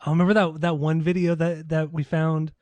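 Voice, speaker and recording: A man's voice: fairly high pitch, flat delivery, fairly quick, darkish tone, no echo. A man co-hosting a podcast in casual chat, laughing often and stringing "like" fillers. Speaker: podcast co-host.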